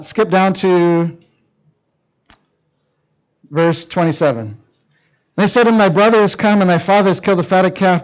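A middle-aged man preaching a youth sermon, telling a Bible story with lively acted-out quotes. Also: high voice, rough recording. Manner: animated storytelling, acting out quoted lines. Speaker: youth pastor.

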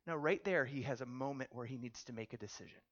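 A male pastor delivering a sermon through a story, asking his listeners questions along the way. His voice sits at a mid-range pitch, and his delivery is animated. The recording sounds dull and lo-fi. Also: fast.

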